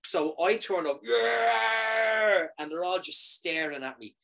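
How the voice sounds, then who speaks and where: Speaking loudly at a fairly high pitch, a man animatedly tells a funny story with plenty of swearing. His style is loose and casual, and he keeps checking in with "right?" so the listener stays with him.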